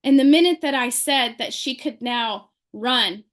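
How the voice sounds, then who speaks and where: Woman, high pitch, animated storyteller who acts out the quotes; testimonial talk to a group. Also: unhurried. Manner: lively, acts out quoted people in her story. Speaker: speaker sharing a testimonial.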